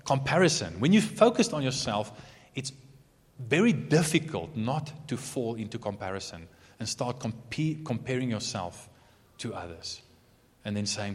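An earnest male preacher delivering a sermon with a mid-pitched voice that swings widely between emphatic highs and hushed lows. His words carry a long reverb, as if spoken in a large hall. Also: a little slow, breathy edge. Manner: earnest, expressive, occasional soft asides.

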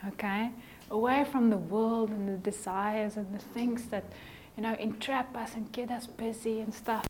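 A middle-aged woman preaches in a church with a slightly high voice. She talks in a lively, conversational way and acts out small dialogues. At moments she drops her voice to a soft, near whisper. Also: normal speed, slight background noise. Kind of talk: sermon.

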